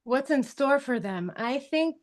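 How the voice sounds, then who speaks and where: A woman actress answering interview questions, earnest and halting as she searches for words, laughing easily. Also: high voice, expressive. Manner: earnest, speaks of passion and spirituality. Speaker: actress guest.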